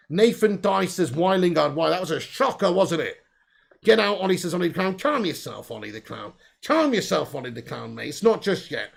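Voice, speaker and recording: A man's voice: high-pitched, gravelly. A young man hosting a live football watch-along, reading viewer comments aloud and answering them bluntly, with plenty of swearing.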